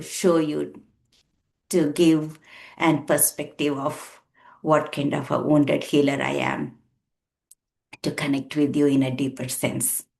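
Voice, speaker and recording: A woman's voice: low-pitched, creaky, darkish tone. A woman in her sixties, a counsellor, sharing a personal story in an earnest, emphatic way and repeating words for weight. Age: 60s. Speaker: counsellor and therapist. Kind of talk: reflective personal talk to camera.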